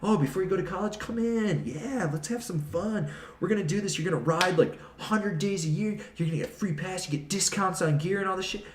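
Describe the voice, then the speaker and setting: A man's voice: a little fast, recorded from a distance, a little hiss or hum, close to an everyday voice. Man putting on a chirpy salesy recruiter voice. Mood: mocking upbeat. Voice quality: mocking sing-song pitch. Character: chirpy male resort job recruiter, salesy. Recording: echoey room.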